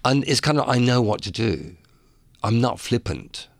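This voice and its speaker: An older man with a low, gravelly voice that swings widely in pitch as he talks. He is playful and theatrical in this interview and laughs often. The sound is dry and close. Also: expressive, moderate pace, no echo. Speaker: musician guest. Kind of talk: lively interview chat.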